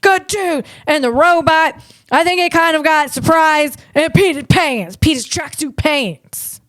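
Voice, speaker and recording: Loud, animated female comic host with a high pitch, doing playful tech riffs. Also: measured pace, dry recording, studio quality. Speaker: comedian and podcast host. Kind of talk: comedic tech commentary.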